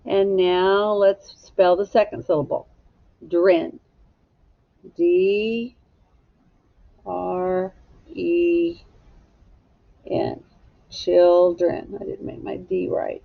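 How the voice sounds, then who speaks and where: A woman teacher giving a slow, patient phonics lesson to young children and prompting them to echo words. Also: fairly low pitch, creaky, dull audio.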